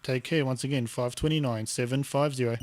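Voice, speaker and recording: Calm Australian radio base operator. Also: male voice, mid-range voice, a little fast. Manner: calm, repeats call signs. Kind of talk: shortwave radio chatter.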